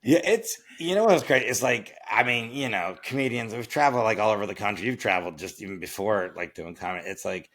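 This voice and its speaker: A Florida man hosts a podcast, chatting casually in a conversational interview and rambling through restarts and filler phrases. His fairly low, fairly bright voice moves fast with hardly any pauses.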